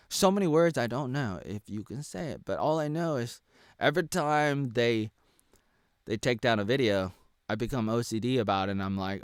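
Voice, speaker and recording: A man in his thirties from the United States delivering an erratic ranting monologue, dropping to low mutters and then yelling. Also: moderate pace, clean tone, no echo. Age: 30s. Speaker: vlogger.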